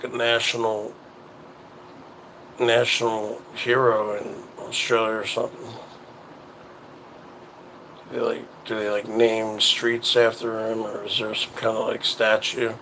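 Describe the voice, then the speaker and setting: A man hosting his own show, chatting casually in a rambling, halting way that often repeats itself. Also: lowish voice, level tone, a bit bright, slight background noise, low-quality recording. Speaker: show host. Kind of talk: casual livestream chat.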